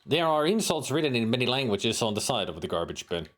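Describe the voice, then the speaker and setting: A man plays through an old adventure game on stream and reads its text aloud in a medium voice. His delivery is lively and moves up and down a lot. He breaks in with playful, deadpan jokes. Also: mid-range voice, quick pace. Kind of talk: reading game text aloud with jokey asides.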